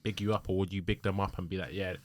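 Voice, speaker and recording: A man's voice: deep voice, fairly even intonation, rapid-fire. A young man hosting a podcast, asking questions in casual slang. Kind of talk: casual chat.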